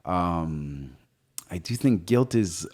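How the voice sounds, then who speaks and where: On a casual podcast, a man interviewed as a visual artist rambles loosely through his ideas, full of fillers and restarts. His voice is low and a little mellow, his intonation lively, and he takes his time.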